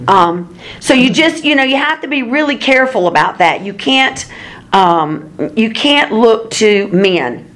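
A woman's voice: on the high side, animated, a little slow, fairly bright tone. A woman leading an informal Bible study, telling personal stories in a chatty way with lots of fillers. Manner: chatty storyteller, many fillers, laughs at herself.

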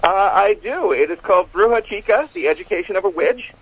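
A man's voice: high-pitched, lively intonation, brisk, fairly bright tone, husky, no room sound. A man, an author, being interviewed by phone, speaking hesitantly with many filler words. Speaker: author guest. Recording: dull phone line.

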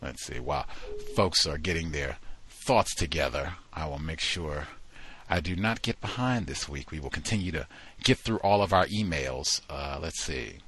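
A man's voice: moderate pace, slightly rough. A man hosting a call-in show, reading listener emails aloud and inviting callers. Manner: reads emails aloud in a low, relaxed voice. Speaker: radio show host.

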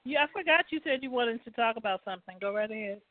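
A woman's voice: fairly high pitch, animated, fast. Chatty woman host on a phone line. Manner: reminiscing, chatty. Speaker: podcast host. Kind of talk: casual talk show chat. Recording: dry, narrow phone line.

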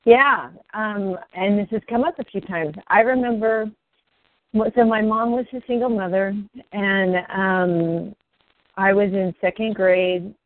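A woman guest telling her own story candidly, swearing freely and rising in pitch as she speaks. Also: fairly even intonation, a little slow, no room sound. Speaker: interview guest. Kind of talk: emotional personal storytelling. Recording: dry, tinny phone-like line.

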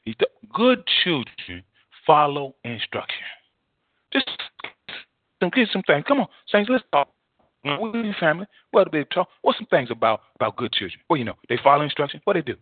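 A man preaching a sermon, emphatic and repetitive, swinging between loud and soft. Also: a little high, sing-song, brisk, dry recording. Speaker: pastor. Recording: dry phone-like audio.

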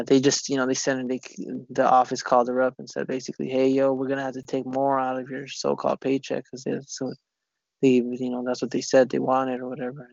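Gravelly man rambling in casual chat. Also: mid-range voice, no echo. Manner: rambling, profane and halting with many restarts. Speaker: conversation partner. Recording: dull lo-fi recording.

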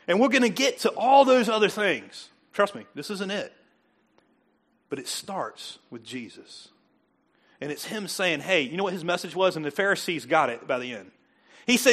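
A man preaching a sermon as pastor, dropping to soft, intimate asides and rising to loud, emphatic peaks, often laughing as he talks. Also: a little high, animated, normal speed. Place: church sanctuary.

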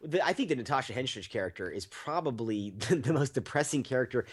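Male podcast co-host, casual rambling storyteller, profane and laughing, mid pitch. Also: animated, fast, husky. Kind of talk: casual movie-review chat.

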